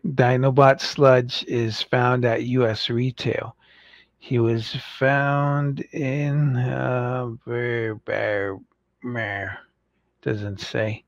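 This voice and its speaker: A man hosting a casual toy-collecting livestream, rambling and joking, and mocking impatient fans in squeaky put-on voices. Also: no echo, highs cut off. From United States.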